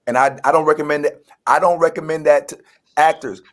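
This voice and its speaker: Animated man telling a story. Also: a little high, fairly quick. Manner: animated storyteller, acts out quoted voices, many restarts. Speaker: guest actor. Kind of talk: casual storytelling interview.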